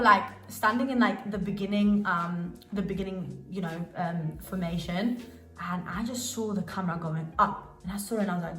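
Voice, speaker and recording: A woman's voice: lowish voice, moderate pace, a bit bright. A young woman vlogging about her dance work, gushing and emotional, with many restarts and fillers. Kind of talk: casual storytelling vlog. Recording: roomy sound with faint music.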